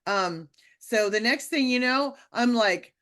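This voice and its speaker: A woman telling a personal story in a casual, animated way, with lots of fillers and restarts. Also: a little high, takes it slowly. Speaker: speaker sharing a personal testimony.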